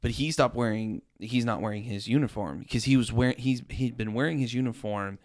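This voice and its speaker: Animated man talking films, dry sound. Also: mid-range voice, a little fast, no room sound. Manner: animated, swears, acts out reactions. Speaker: film reviewer. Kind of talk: casual film discussion.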